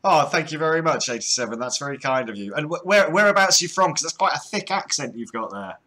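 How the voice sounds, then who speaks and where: Bright-voiced British man hosting calls. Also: on the high side, animated, fast talker. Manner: chatty, laughing, stumbles over repeated words. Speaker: host of a call-in show. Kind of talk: casual chat with a caller.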